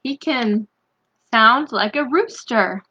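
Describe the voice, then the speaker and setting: A woman reading a picture book aloud to children, gently asking them questions and breaking into loud animal sounds. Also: on the high side, expressive, husky, dull audio. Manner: slow, gentle, asks the young listeners questions; bursts into loud animal noises. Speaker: storytime reader.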